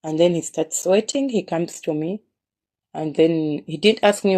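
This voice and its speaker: A woman's voice: lowish voice, a little slow, warm tone. A woman telling a personal story in an earnest way, often repeating words and restarting her phrases.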